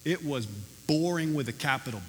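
A man's voice: fairly high pitch, normal speed, slight background noise. Emphatic preaching man in a reverberant hall. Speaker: pastor. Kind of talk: sermon. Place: church hall.

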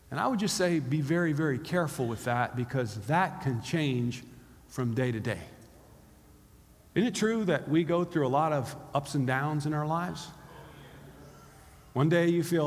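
A man's voice: fairly high pitch, moderate pace. A pastor preaching a sermon in a conversational way, acting out the inner voices of his listeners. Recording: long hall reverb.

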